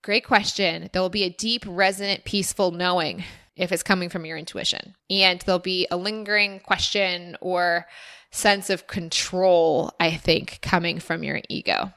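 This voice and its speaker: A podcast host who once lived in Austin answers listener questions on her solo show in a lowish, fairly bright voice. Her intonation is fairly even and her speed normal, and she comes across as earnest, encouraging, and reflective.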